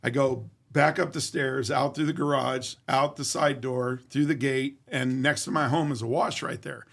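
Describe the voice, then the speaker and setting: A man's voice: mid-range voice, steady tone, normal speed, vocal fry, fairly bright tone. A man being interviewed, telling a story in a vivid, profane way and acting out the dialogue. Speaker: interview guest. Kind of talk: casual storytelling.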